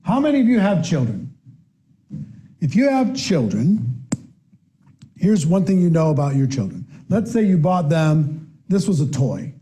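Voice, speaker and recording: A man giving a live training talk on network marketing, asking the audience questions and acting out quoted voices with lively energy. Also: fairly high pitch, a little slow, pauses often. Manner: animated, acts out quoted voices.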